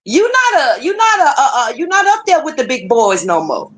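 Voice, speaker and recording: A woman's voice: high voice, sing-song, a little fast. A woman hosting a livestream, ranting casually with heated, profane, repetitive talk. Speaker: livestream host.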